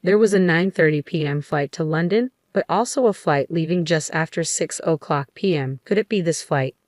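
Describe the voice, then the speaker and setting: A woman reads a first-person story in a steady, matter-of-fact way. Her voice is low, and the recording is dry and close with no room sound. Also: moderate pace, no room sound. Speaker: story narrator. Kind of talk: scripted first-person narration.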